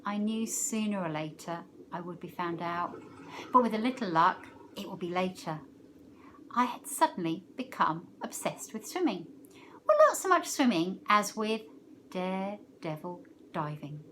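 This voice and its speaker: A woman teacher reading a novel aloud, expressive, letting her loudness rise and fall with the story. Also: fairly low pitch, unhurried, slight background noise.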